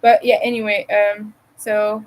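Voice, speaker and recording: A woman's voice: mid-range voice, flat delivery, a little slow, rough recording. A woman from Montreal with a Montreal English accent, hosting a casual crochet livestream from home, rambling and thinking aloud as she works. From Montreal, Canada. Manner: rambling, chatty, thinks aloud while crafting.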